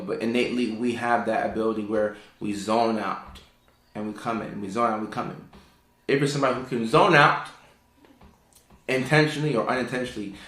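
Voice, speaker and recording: The man's tone is fairly bright, and his voice echoes in the indoor home room. Hosting a relaxed live stream, he works through viewer questions and explains neurodivergence, often filling pauses and repeating words. By his own account, his voice is sultry and low.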